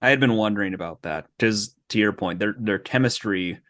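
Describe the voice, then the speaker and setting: A man on a podcast with a low voice. He talks things through thoughtfully, weighing his points as he goes. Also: fairly quick, a bit bright. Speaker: podcast co-host. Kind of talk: casual movie discussion.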